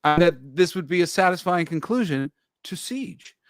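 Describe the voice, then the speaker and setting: A man co-hosts a casual geek podcast, his slightly high voice swinging widely up and down as he rants and acts out lines. The sound is dry and close. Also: moderate pace, dry recording. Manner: animated, swearing, acts out quotes. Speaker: podcast co-host. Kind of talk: casual chat.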